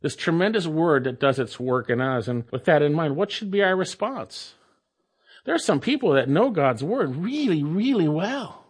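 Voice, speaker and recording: A male pastor preaching an expository sermon, emphatic, repeating key phrases with long dramatic pauses and slowing down to stretch out words. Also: a little high, lively intonation, breathy edge. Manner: stretches words slowly for emphasis, then speeds up.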